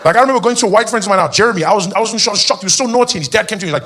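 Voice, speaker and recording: A man's voice: high-pitched, racing, few pauses, bright, forceful tone, slight background noise. A young adult man doing stand-up comedy, telling his story animatedly and acting out voices and cries.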